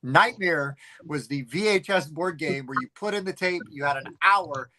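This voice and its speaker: A middle-aged man co-hosting a casual chat, telling rambling, animated stories with plenty of fillers. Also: on the high side, a little hiss or hum, rough recording. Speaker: podcast co-host.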